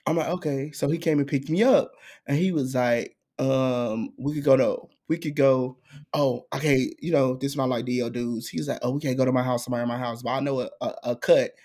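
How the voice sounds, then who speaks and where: A young man hosting a podcast, telling a story in an animated, profane way with frequent laughter. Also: mid-range voice, brisk. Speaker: podcast host. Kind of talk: casual chat storytelling.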